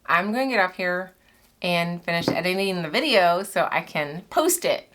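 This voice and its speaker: A woman's voice: fairly low pitch, expressive, normal speed, a bit bright. A young adult woman, a soap maker chatting casually with her channel as she cuts soap, rambling and laughing often, a little out of breath. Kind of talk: casual chat while cutting soap.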